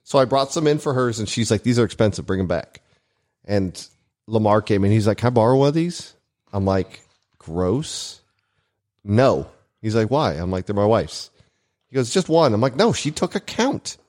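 A man's voice: on the low side, lively intonation, moderate pace, pauses often, a little mellow. A man in casual comedic chat as a podcast co-host, rambling and joking through his stories. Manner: joking, rambling storyteller who laughs often.

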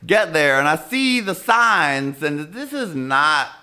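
A man's voice: fairly high pitch, sing-song, slow pace, bright, forceful tone, smooth. A man telling a funny story in a casual podcast chat and acting out the voices of other people. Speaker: podcast co-host.

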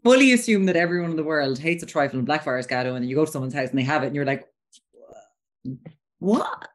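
An Irish woman with a notably low voice tells stories on a chat podcast. She's animated, slipping into little impressions of what people said. She sounds like she's in her thirties. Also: rapid-fire. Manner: animated storyteller, acts out quotes. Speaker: podcast co-host. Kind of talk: casual chat.

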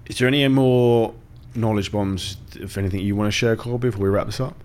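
Male podcast host, low voice, rapid chatter, slightly distant mic. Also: fairly even intonation, darkish tone. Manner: quick interjections, laughs at himself. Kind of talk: podcast interview talk.

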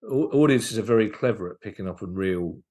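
A man with a fairly low voice, a guest comedian on a podcast. He tells anecdotes in a loose, halting way and often restarts his sentences. Casual conversational chat. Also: warm tone.

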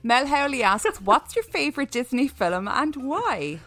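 A woman's voice: sits high, very animated, a little slow, a bit bright, soft background music. A woman co-hosting a comedy podcast, joking around and reading odd news stories in a playful mock-newscaster way, often breaking into giggles. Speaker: podcast co-host.

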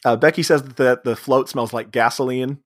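Male podcast co-host, mid-pitch, casual film recap, laughs a lot, slips into quick funny voices. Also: fairly even intonation. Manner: laughs often, acts out quoted lines in funny voices. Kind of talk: casual movie recap chat.

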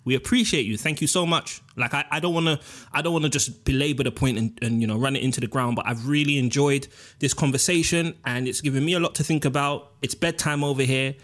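A man's voice: medium pitch, fast, a bit bright. A man, co-hosting a podcast with joking, slangy banter. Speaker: podcast co-host. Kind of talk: casual chat.

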